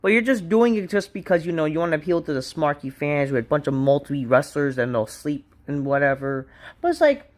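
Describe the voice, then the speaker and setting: A man's voice: a little high, big pitch swings, fairly quick. Frustrated man ranting a wrestling review. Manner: frustrated, profane, rambling.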